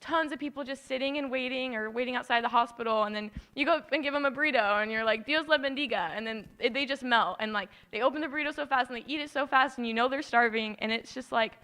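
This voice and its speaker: A teenage girl gives an earnest church testimony, on the verge of tears as her sentences tumble out. Her voice is bright and sits a little high. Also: quick pace, few pauses, smooth. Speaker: youth mission trip member.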